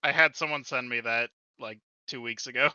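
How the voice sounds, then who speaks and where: A man's voice: medium pitch, steady tone, moderate pace, sharp tone, clean tone, no room sound, dull audio. A man playing in a tabletop game, blunt and grumbling. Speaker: player. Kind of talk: casual game chat.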